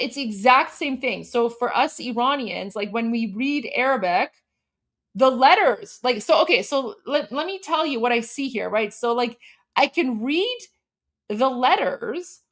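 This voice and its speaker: A woman's voice: fairly high pitch, a bit bright. A woman co-hosting a livestream in a casual, chatty way, full of "like" fillers and enthusiastic exclamations. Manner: chatty, heavy use of "like" fillers. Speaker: livestream co-host.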